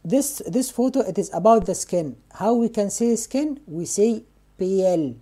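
Slow-spoken woman teaching vocabulary. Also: mid-range voice, animated, dark tone. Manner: repeats each word slowly, asks and answers her own questions. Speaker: Spanish teacher.

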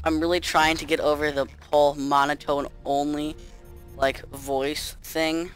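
A man talking through a strategy game he is playing, in a flat, monotone delivery with dry sarcasm. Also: on the high side. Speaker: gaming YouTuber. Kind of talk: casual gameplay commentary.

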